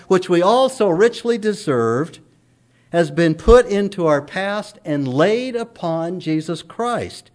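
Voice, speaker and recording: A middle-aged man preaching a sermon in an earnest, emphatic way, his voice rising and falling strongly. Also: sits high.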